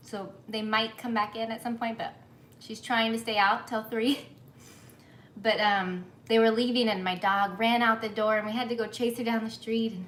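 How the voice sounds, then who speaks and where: A woman's voice: on the high side, level tone, normal speed, a bit bright. A woman in her thirties hosting a live baking stream from her home kitchen, chatting with viewers, flustered and sweating from the humidity. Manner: chatty, apologetic, reads comments aloud. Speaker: baking livestream host. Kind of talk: casual live chat, greeting viewers.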